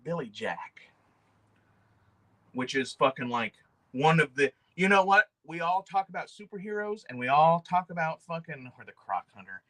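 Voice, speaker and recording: A man chatting on his livestream in a bright, slightly high voice. He is excitable and rambling, and he swears freely as he talks. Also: normal speed. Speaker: livestream host showing custom figures. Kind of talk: casual livestream chat.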